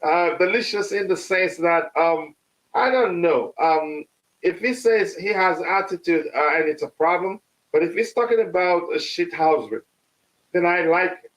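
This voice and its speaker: Halting man hosting a football stream. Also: high-pitched, fairly bright tone, poor audio. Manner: halting, many "uh" fillers and restarts. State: slightly hoarse. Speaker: host of a live football stream. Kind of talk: casual live-stream commentary.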